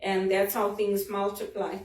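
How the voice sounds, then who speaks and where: A woman's voice: medium pitch, monotone, measured pace. A woman from Zimbabwe, talking in an earnest, personal, reflective monologue about a leadership book. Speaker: vlogger discussing a leadership book. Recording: roomy sound from a distant mic.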